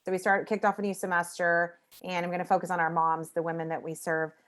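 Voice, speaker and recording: A woman's voice: on the low side, little pitch movement, fast talker, fairly bright tone. A woman speaking as a nonprofit founder on a video call panel, telling stories in an earnest, reflective way.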